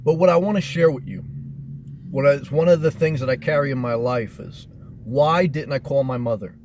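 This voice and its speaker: A man in an earnest, measured motivational monologue, often circling back with fillers and repeated phrases. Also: medium pitch, darkish tone, a little hiss or hum. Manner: earnest, repetitive, measured delivery with many fillers. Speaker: motivational vlogger.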